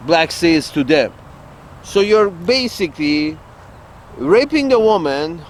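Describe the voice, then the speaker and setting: A man's voice: fairly high pitch, slight background noise. A man giving a rambling political monologue to his audience, blunt and crude, repeating himself and laughing at his own jokes. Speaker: online commentator.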